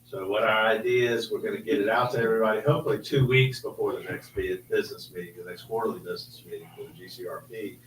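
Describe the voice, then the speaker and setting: A Southern man with a lowish voice hosts a casual meeting, rambling loosely and trailing off into asides. He sounds off the mic in a roomy space with a faint hum behind him. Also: steady tone, fast talker, few pauses, recorded from a distance. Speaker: host.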